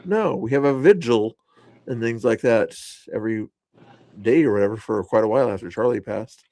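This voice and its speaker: A man with a medium-pitched, mellow voice hosts a livestream at a moderate pace, recorded dry. He talks casually about politics, laughing and commenting conversationally as he rewatches clips.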